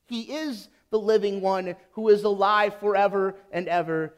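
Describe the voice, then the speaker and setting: A man preaching a sermon as pastor, emphatic and deliberate, building on repeated phrases. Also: high voice, clear, resonant tone.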